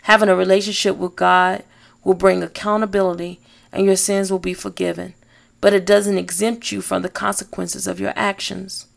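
A woman hosting a faith podcast, speaking in a slow, emphatic, encouraging way. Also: mid-range voice, flat delivery, creaky. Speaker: podcast host. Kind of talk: inspirational faith talk.

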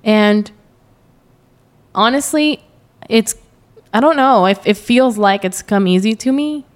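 A woman's voice: fairly high pitch, slow pace. A young adult woman chatting as a podcast guest, telling a story with lots of quoted asides and frequent laughter. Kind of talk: casual interview chat.

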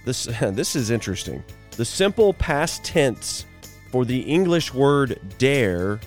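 A man's voice: mid-range voice, very animated, soft background music. A man hosting a morning radio show, reading trivia, ads and headlines with chatty asides. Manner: chatty asides and quick jokes between items.

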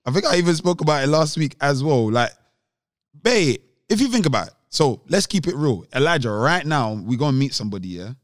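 A man co-hosting a casual podcast, arguing in an animated way, repeating himself and laughing. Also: medium pitch, a little fast, dry recording, studio quality. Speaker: podcast co-host.

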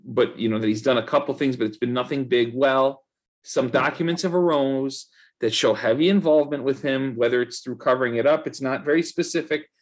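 A man's voice: mid-range voice, fairly quick. A man co-hosting a podcast, chatting casually in a loose, profane, ranting way. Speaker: podcast co-host. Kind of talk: casual chat.

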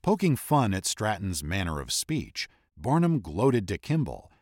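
A man's voice: on the low side, big pitch swings, measured pace, a little mellow, no echo, studio quality. A man narrating a history podcast in a scripted, explanatory storytelling manner.

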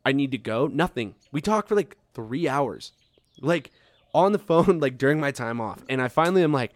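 A young man spins a rambling story in relaxed podcast chat, dropping curses and replaying his past reactions. His voice sits in an ordinary middle range. The sound is close and dry, with almost no room around it. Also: medium pitch, moderate pace, dry recording. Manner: swears often, acts out his own past reactions.

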